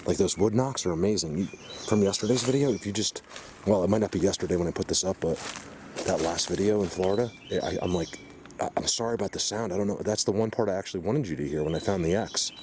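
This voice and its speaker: A man vlogging on a handheld camera outdoors in the woods, rambling excitedly and talking to his viewers. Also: sits low, fast. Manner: excitable, rambling, addresses viewers as you guys. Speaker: Bigfoot hunter vlogger. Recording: noisy outdoor camera audio. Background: birds and outdoor ambience.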